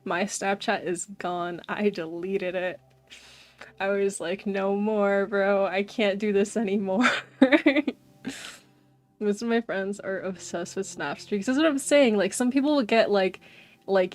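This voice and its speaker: Talking into a desk mic, a young streamer keeps up a casual, animated chat with her audience, frequently dropping "bro." She speaks at medium pitch and a little slowly.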